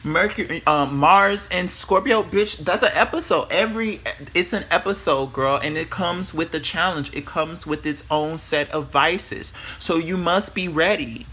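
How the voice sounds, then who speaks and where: Man, spiritual reader, sassy profane pep talk, forceful bright tone, fairly high voice. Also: unhurried, few pauses. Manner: brash, animated, swears freely, calls the viewer bitch and girl; repeats and restarts words when excited.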